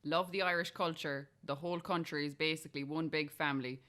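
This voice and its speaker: A woman's voice: low voice, steady tone, fairly quick, fairly bright tone. A woman casually interviewing her partner and reading online comments aloud, laughing easily. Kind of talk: casual chat.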